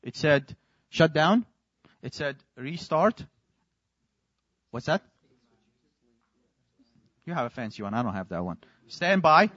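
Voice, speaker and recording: Male preacher telling a sermon story, high and very lively pitch, dry, slightly dull recording. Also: slow, pauses often, no echo. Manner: storytelling, animated, acts out his own quoted lines.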